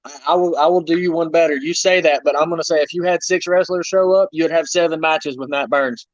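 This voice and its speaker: A man being interviewed, telling animated wrestling-road stories in casual chat with playful humor. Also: fairly high pitch, fairly quick, no room sound. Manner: animated storyteller, self-deprecating humor. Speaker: wrestler guest. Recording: dull lo-fi dry sound.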